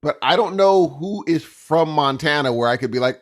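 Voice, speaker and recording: A man's voice: on the high side, animated, normal speed. A young man co-hosting a podcast, rambling in casual chat and acting out little voices. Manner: rambling, jokey, acts out voices. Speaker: podcast co-host.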